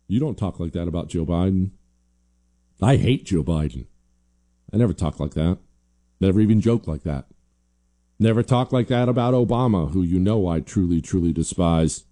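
A man's voice: sits low, expressive, moderate pace, long pauses, warm tone. A man hosting a commentary show, talking emphatically and combatively, repeating his points for stress. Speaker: political commentary host. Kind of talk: opinionated commentary.

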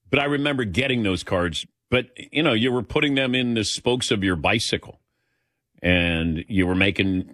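A man's voice: on the low side, a bit bright, no room sound, studio quality. A man in his sixties hosting a call-in sports radio show, chatty and laughing often. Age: 60s.

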